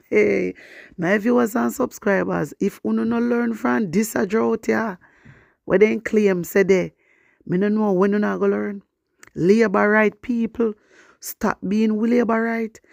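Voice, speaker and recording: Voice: medium pitch, vocal fry, darkish tone, dry recording, studio quality. A fiery online commentator with a Jamaican accent, talking to viewers and mixing patois with standard English.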